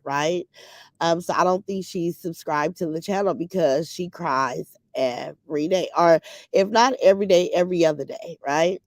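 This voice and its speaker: A woman's voice: on the low side, dry recording. A middle-aged woman hosting a livestream, chatting candidly with viewers and reading their comments, emotional and open about grief. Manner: emotional, candid, swings from grief to loud laughter. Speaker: livestream host.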